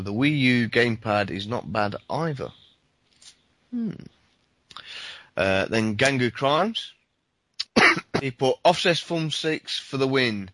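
Slow-talking male co-host reading tweets, measured, dry close sound. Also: medium pitch, fairly bright tone, no room sound. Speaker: podcast co-host. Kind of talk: casual podcast chat, reading tweets.

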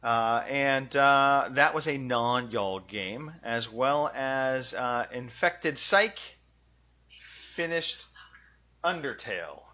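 A man's voice: mid-range voice, expressive, takes it slowly, pushed and bright. A man co-hosting a podcast, chatting casually with dry wisecracks. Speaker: podcast co-host. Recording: dull lo-fi sound.

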